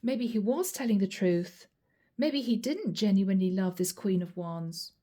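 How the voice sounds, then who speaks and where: Woman, tarot reader, chatty, addresses viewers, mellow tone. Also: medium pitch, unhurried. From Europe. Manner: chatty, addresses viewers as guys, acts out quoted lines. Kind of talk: channeled tarot reading to camera.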